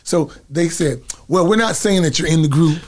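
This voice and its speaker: In a casual interview, a middle-aged male guest recalls stories from his life, often laughing and singing short bits. He speaks at normal speed with a fairly high pitch.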